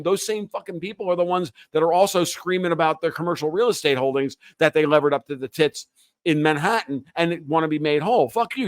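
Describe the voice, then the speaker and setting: A man with a somewhat high voice holds forth as a podcast guest in a heated, opinionated rant. He swears freely and turns sarcastic. The sound is dry and close, with no room echo. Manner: ranting, profane, sarcastic. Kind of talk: heated opinionated interview talk.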